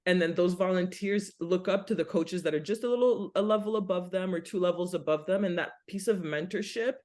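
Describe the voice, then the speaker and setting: A young adult woman, a podcast guest, explaining her work in an earnest, conversational way and listing points in steady runs. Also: fairly low pitch, brisk. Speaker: basketball nonprofit director, podcast guest. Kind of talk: casual interview talk.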